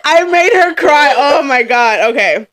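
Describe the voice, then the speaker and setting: In an unhurried, high voice, a woman co-hosting a casual podcast chats and laughs frequently. She tells lively stories, putting on voices for the quotes.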